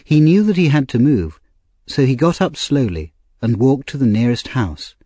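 Expressive husky-voiced male storyteller. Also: medium pitch, moderate pace, dry recording. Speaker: audiobook narrator. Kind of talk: storybook narration.

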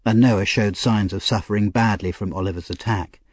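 Husky, low-voiced male storyteller. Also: no echo. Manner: expressive, measured storytelling. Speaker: narrator. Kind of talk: audiobook narration.

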